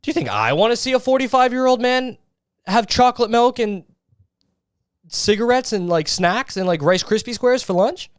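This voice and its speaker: A man's voice: very high-pitched, lively intonation, normal speed, clean tone, no room sound, studio quality. A young man hosting a solo podcast, ranting in an exasperated, profane way about other people's habits. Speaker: podcast host.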